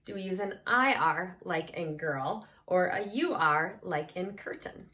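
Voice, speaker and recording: Slow, patient woman teaching phonics. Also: fairly low pitch, expressive, bright, forceful tone. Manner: slow, clear, encouraging teacher talk with sounded-out words. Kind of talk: phonics lesson for children.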